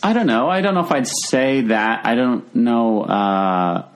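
A man's voice: mid-range voice, a little slow. A man talking casually as a podcast guest, rambling with many fillers and restarts. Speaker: comedian guest.

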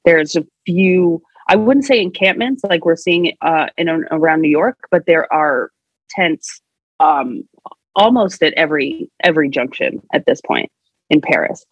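A woman's voice: on the low side, expressive, moderate pace, dry recording. Chatty woman in a dry, muffled recording. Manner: chatty, with many fillers. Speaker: guest commentator. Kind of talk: casual conversation.

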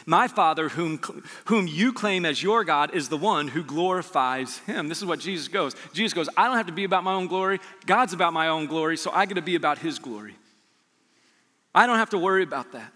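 A man preaching a sermon as pastor, animated, swinging between loud peaks and hushed low lines. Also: a little fast, big-room sound. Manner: animated preaching, voice rising and dropping sharply.

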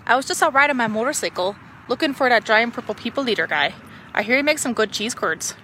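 A woman's voice: expressive, fast talker, pushed and bright, a little hiss or hum. A woman putting on a bubbly, folksy Wisconsin accent, playing a cheerful motorcycle rider in a comic video. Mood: chirpy. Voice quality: high, bubbly, folksy exclamations.

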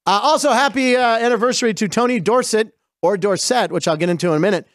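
Chatty excitable sports host, dry close sound. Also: male voice, high voice, quick pace, no echo. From western Pennsylvania. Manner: chatty, digressive, excited storytelling. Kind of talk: casual sports chat over game clips.

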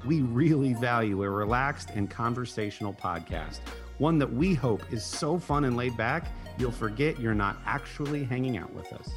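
A man's voice: mid-range voice, expressive, moderate pace. Man reading a podcast promo. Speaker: podcast host in an ad. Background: faint music.

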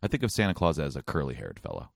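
A man with a very low, deep voice talks loosely with a co-host, spinning rambling anecdotes and jokes. The sound is dry and close, with no room around it. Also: wildly swooping pitch, fast talker, vocal fry, no echo. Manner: rambling, joking storyteller. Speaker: podcast co-host. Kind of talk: casual chat.

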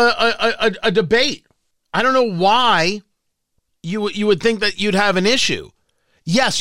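High bright guy doing talk radio, opinionated, chatty, keeps restarting, dry close sound. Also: dry recording. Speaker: radio host.

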